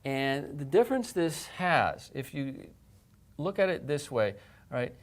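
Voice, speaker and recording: A man teaching a language lesson. He explains patiently and says example words slowly, again and again. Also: on the high side, big pitch swings. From English-speaking. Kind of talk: recorded lesson.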